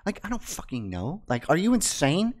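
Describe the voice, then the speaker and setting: Animated crypto YouTuber, lively swings. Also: male voice, fairly high pitch, normal speed. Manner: animated, teasing, swings between loud and hushed asides. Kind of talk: casual to-camera commentary.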